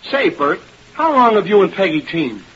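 A man's voice: sits high, big pitch swings, moderate pace. An actor playing a nosy backstage man who teases with wry wisecracks, in 1930s radio-drama style. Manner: teasing, wry. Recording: dull, hissy old radio transcription.

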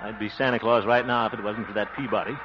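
A man's voice: on the low side, steady tone, fast, music in the background, lightly acted. An actor playing a boastful, easily flustered small-town man who sputters and grumbles asides, in a 1940s radio sitcom. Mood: grumbling. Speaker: lead of the show. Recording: dull old radio recording, loud hiss.

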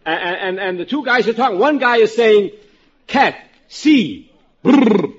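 A man pitching comedy ideas at a writers' panel, stammering and restarting as he tells jokes with dialogue. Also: fairly quick. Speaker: gag writer. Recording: dull lo-fi old recording.

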